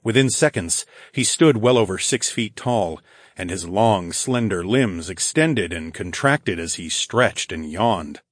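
Husky, low-voiced male audiobook narrator. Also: animated, measured pace, dry recording, clean studio sound. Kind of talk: first-person fantasy audiobook narration.

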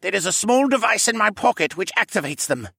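A man voicing a nervous male alien scientist who confesses under compulsion, in a high gravelly voice. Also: animated, a little fast, sharp tone, no room sound, studio quality, full character voice. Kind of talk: audiobook character voice.

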